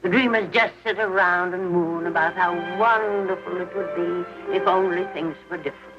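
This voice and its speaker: A woman's voice: lowish voice, normal speed, natural voice. An actress playing a determined elderly pioneer grandmother who lectures her granddaughter firmly, in a 1930s film. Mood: stern. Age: older. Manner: firm, lecturing and forceful. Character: stern old pioneer grandmother, fiercely determined. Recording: muffled 1930s film soundtrack with music.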